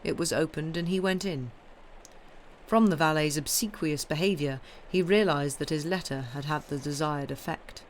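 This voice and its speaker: A woman reading a classic novel aloud on a live stream, with steady storytelling. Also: sits low, normal speed, slight background noise. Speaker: audiobook reader.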